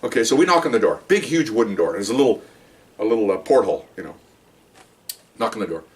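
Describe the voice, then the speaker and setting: A man's voice: on the low side, fast talker, far from the mic, slight background noise. A man, a former police officer, casually telling a long rambling story and acting out the voices of the people in it. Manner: rambling, animated storytelling with acted-out quotes and laughter.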